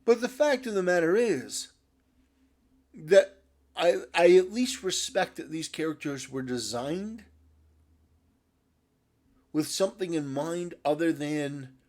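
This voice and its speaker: A male commentator with a slightly higher voice rants in a sarcastic, exasperated tone. He swears often and keeps restarting his sentences as he builds his argument. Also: expressive, measured pace, pauses often, a little mellow. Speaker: video commentator. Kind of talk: ranting commentary.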